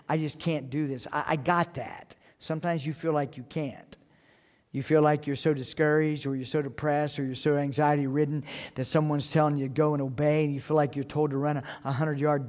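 A pastor preaching an evening sermon, earnest and emphatic, often repeating key phrases. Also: male voice, a little high. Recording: long reverb of a church hall.

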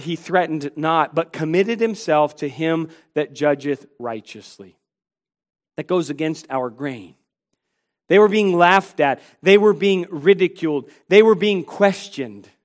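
A man preaching a sermon, earnest, acting out the taunts of mockers and the words of biblical figures. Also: fairly high pitch.

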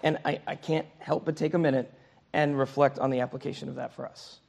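Male Bible teacher, gravelly voice, keeps checking in with the class. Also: mid-range voice, flat delivery, a little fast, a little mellow. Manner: conversational, often checks in with "okay?" and "right?". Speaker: Sunday school teacher.

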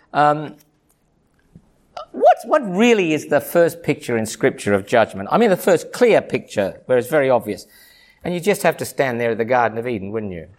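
A man preaching a sermon, swinging from hushed low asides to high ringing emphasis, with rhythmic repeated phrases. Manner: repetitive, rhythmic lists of phrases.

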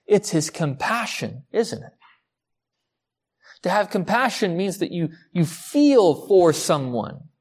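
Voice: mid-range voice, big pitch swings, slow, a little mellow, slightly rough. A pastor preaching a sermon in a conversational way, telling a story to the listeners and asking them rhetorical questions.

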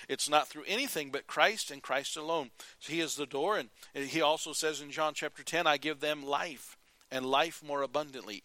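Male pastor, fairly high, bright forceful voice, earnest sermon delivery. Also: no echo. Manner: earnest preaching, rising to emphatic calls and dropping to quiet.

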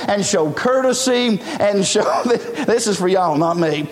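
Male preacher, high pitch, chatty sermon that swells into shouts, recorded in an echoing hall. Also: measured pace, hardly any pauses. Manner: conversational preaching with many fillers, rising to shouts.

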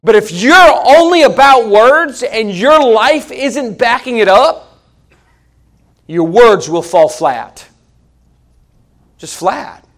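A man's voice: very high-pitched, animated, takes it slowly, long pauses, a bit bright. A man preaching a sermon in a folksy, emphatic way, asking the congregation rhetorical questions.

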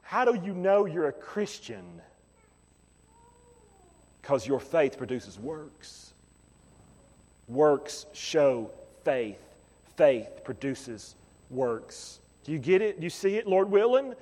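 A male pastor preaching a sermon, repeating phrases and building to shouts. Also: fairly high pitch, very animated, slow, pauses often, long reverb tail.

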